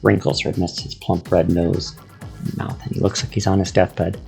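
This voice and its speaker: A man narrates a first-person story in a measured, descriptive way. His voice is low and gravelly, with faint music playing underneath. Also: flat delivery, darkish tone.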